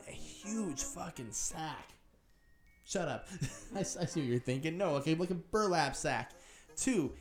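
A man's voice: a little high, darkish tone. A man narrates a comedic tabletop game as game master, joking and laughing and swearing freely. His voice sits in a roomy, echoey space with faint music behind it.

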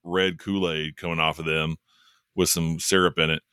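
A man co-hosting a casual chat, talking in a joking, wry way with quick asides. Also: extremely low pitch, flat delivery, pushed and bright, smooth, dry recording, studio quality. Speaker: podcast co-host.

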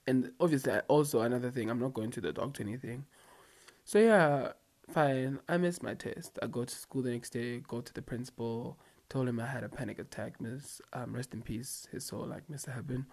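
Young man, casual storytime vlog, slangy, rambling, filler-heavy, mid-pitched. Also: brisk, darkish tone. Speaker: vlogger.

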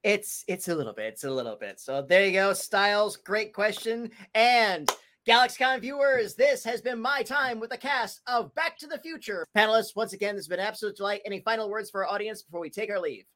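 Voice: mid-range voice, fairly quick, fairly bright tone. A host running a virtual convention panel over a video call in an upbeat, polished presenter manner.

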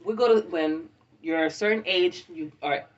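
A woman co-hosting a casual podcast chat, telling stories in an animated, profane way, heard on a dull, distant lo-fi recording. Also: lowish voice, moderate pace. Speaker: podcast co-host.

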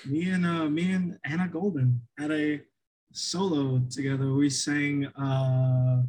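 A man's voice: fairly high pitch, level tone, slow, a little mellow, poor audio. A young man co-hosting a podcast in casual chat, rambling and self-deprecating with lots of restarts and fillers. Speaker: podcast co-host.

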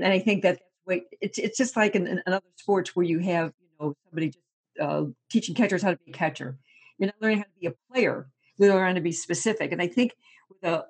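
Husky-voiced woman telling sports stories. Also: lowish voice, fast talker. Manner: animated storyteller, laughs often, repeats words. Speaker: sports reporter. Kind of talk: casual sports talk.

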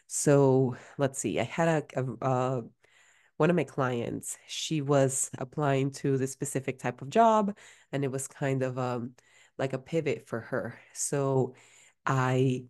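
A woman's voice: rumbling low, takes it slowly, darkish tone. A woman hosting a career-coaching podcast in a chatty, casual way, full of fillers and restarts. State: out of breath at times.

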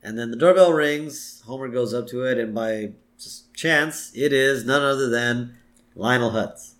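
A man's voice: a little slow, fairly bright tone. A man co-hosting a podcast, casually retelling scenes of a cartoon episode. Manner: retells scenes, puts on high character voices briefly. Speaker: podcast co-host. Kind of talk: casual episode recap chat.

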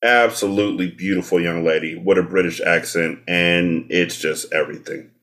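A man's voice: low voice, fairly even intonation, moderate pace, a bit bright. A man co-hosting a podcast, chatting casually in a playful, teasing way and rattling off long lists. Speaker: podcast co-host. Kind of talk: casual chat.

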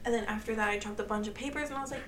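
A woman's voice: on the high side, very fast. A young woman chatting casually with friends, rambling through stories, swearing and laughing often. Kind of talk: casual chat among friends. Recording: echoey room with clear noise.

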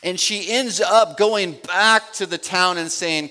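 A man preaching a sermon, asking his listeners rhetorical questions and speaking in slow, emphatic phrases. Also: sits high, lively intonation, bright, forceful tone. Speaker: pastor. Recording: long reverb of a large hall.

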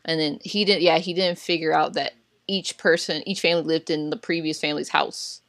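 A woman's voice: sits low, steady tone, fairly quick, vocal fry, a bit bright, no echo. A woman co-hosting a podcast, talking through a film in a hesitant way, often restarting and correcting herself. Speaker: podcast co-host. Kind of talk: casual film discussion.

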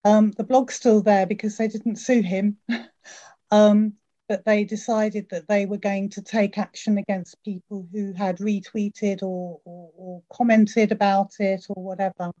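Mellow-voiced woman guest. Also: mid-range voice, level tone, a little slow. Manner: modest, careful, hesitant. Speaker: podcast guest. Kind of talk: interview answers. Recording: dull lo-fi sound.

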